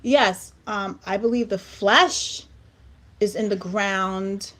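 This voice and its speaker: A woman's voice: mid-range voice, steady tone, slow pace, fairly bright tone. A woman hosting a heartfelt talk show conversation, speaking earnestly and emphatically and often repeating words. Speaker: host.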